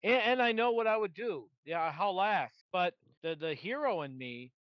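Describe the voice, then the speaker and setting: A man's voice: high-pitched, expressive, normal speed, dry recording, dull audio. A man co-hosting a podcast, chatting casually about a movie in a laid-back way. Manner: laid-back, laughs often, swears casually. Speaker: podcast co-host.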